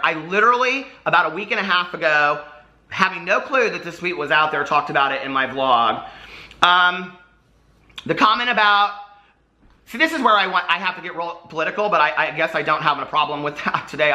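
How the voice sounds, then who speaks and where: Man with a very bright, sharp voice. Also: fairly high pitch, expressive. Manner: halting and earnest, with many fillers. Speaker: vlogger explaining old posts. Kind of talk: apology video monologue.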